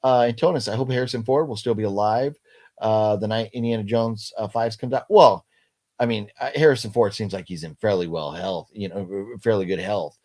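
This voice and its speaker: A middle-aged man hosting a casual livestream chat, talking haltingly with many fillers and restarts while he reads out viewer comments. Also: on the low side, a little mellow. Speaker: livestream host.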